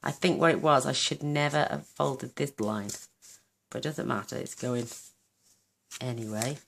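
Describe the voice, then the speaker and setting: A woman's voice: very deep voice, moderate pace, gravelly. A woman hosting a card-making tutorial, chatting casually and gushing over her work as she thinks aloud. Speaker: craft channel host.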